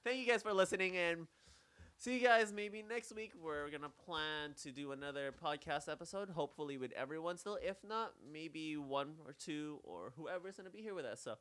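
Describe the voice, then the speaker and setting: A man hosting a podcast with friends, his voice bright and forward. He talks loosely and rambles, with plenty of fillers and restarts as he wraps things up. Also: a little high, animated, a little fast, few pauses, clean tone. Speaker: podcast host. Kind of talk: casual podcast chat.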